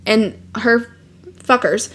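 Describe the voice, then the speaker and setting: A woman's voice: a little high, takes it slowly, noisy background. A young woman co-hosting a podcast, casually retelling a novel's plot with lots of fillers and swearing. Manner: animated retelling with profanity and "like" fillers. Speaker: podcast co-host. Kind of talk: casual book chat.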